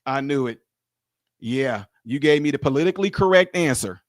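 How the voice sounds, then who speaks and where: A man doing reaction commentary on a video, teasing and animated, repeating his lines for effect. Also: mid-range voice, moderate pace, no echo, clean studio sound.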